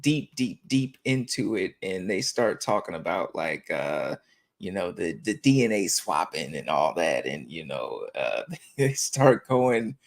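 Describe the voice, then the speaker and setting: A man's voice: low-pitched, sing-song, a little slow, creaky. A man co-hosting a casual podcast chat, musing in a rambling way with many restarts. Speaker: podcast co-host.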